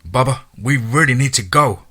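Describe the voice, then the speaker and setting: A man's voice: medium pitch, moderate pace, bright, forceful tone, husky, voice pushed up. A man voicing a brash, insistent young man who swears, in an audiobook reading. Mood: urgent. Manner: urgent, exasperated. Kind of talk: audiobook character voice.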